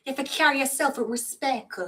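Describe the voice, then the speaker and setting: A woman's voice: high-pitched, steady tone, brisk, pushed and bright, distant mic. An older Jamaican woman reading tarot in a heated, profane rant that slips into patois. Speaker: tarot reader. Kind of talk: casual ranting monologue. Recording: voice set back from the mic.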